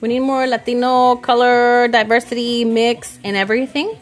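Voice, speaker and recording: A woman's voice: fairly high pitch, steady tone, moderate pace. Candid, swearing woman vlogger. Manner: candid, profane, self-reflective. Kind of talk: casual rambling monologue. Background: faint music.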